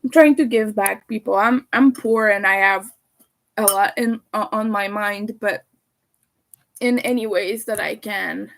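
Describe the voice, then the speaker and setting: A woman's voice: medium pitch, unhurried, gravelly, fairly bright tone, low-quality recording. A young woman chatting casually on a livestream, talking while she eats. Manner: chatty, talks while eating. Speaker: livestreamer and crocheter.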